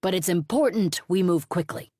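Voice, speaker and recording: A woman's voice: lowish voice, animated, moderate pace, mellow, no room sound, clean studio sound, pitched above the performer's own voice. A woman voicing a brusque male police captain in an audiobook, curt and commanding. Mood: stern.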